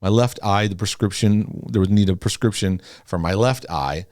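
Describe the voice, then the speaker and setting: A middle-aged man teaching casually about faith and mental health, dropping soft and low when he confides. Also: moderate pace, dry recording, studio quality. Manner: animated, drops soft and low when confiding, talks to God aloud.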